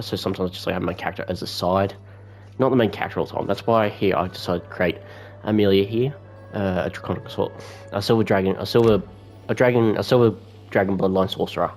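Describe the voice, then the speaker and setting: A man's voice: deep voice, steady tone, fast. An Australian man giving casual, rambling commentary while playing a video game, chatting and swearing casually. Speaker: gamer. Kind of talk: casual let's-play commentary.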